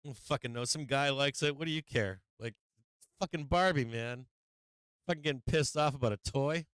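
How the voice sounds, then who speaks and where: A man's voice: medium pitch, normal speed, a bit bright, smooth, no room sound. A man hosting a live stream, ranting casually with lots of swearing and frequent laughs. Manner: profane, laughing often, rambling.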